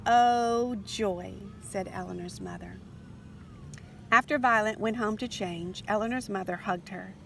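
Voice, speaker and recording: A woman reading a children's picture book aloud in a lively, expressive way. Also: medium pitch, moderate pace, creaky, slight background noise. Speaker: storybook reader.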